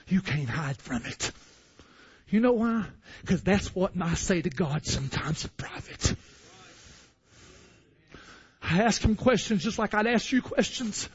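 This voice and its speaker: A man preaching an impassioned sermon in a church, dropping to a hush and then shouting. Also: sits high, lively intonation, measured pace, long pauses, breathy edge. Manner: impassioned, swinging from hushed to shouting. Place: church building. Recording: dull lo-fi sound.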